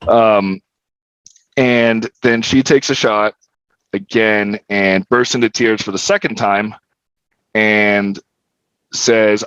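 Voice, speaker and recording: A man's voice: fairly low pitch, fairly even intonation, measured pace, fairly bright tone, clean tone, dry recording, highs cut off. Wry young man telling a story. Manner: candid, profane, wry storytelling. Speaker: podcast guest. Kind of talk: casual storytelling.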